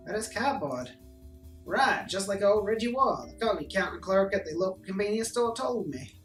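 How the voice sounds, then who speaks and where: Swaggering cowboy governor, folksy and boastful, roomy and distant, music behind. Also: male voice, high voice, animated, normal speed. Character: brash cowboy-style American governor, self-important. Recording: roomy, distant sound under background music.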